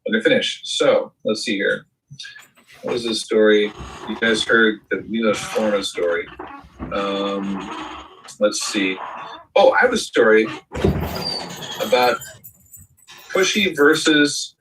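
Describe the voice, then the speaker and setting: A middle-aged co-host of a chat show tells rambling anecdotes, mimicking the voices of the people he quotes. His lowish voice is animated yet slow with frequent pauses, set against a noisy background and a bit far from the mic.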